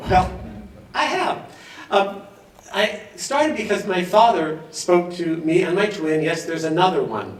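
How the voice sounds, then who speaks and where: A man's voice: sits high, animated, a little slow, slight background noise. A man from Los Angeles giving a chatty, enthusiastic acceptance speech, laughing often. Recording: echoey hall, voice from far off.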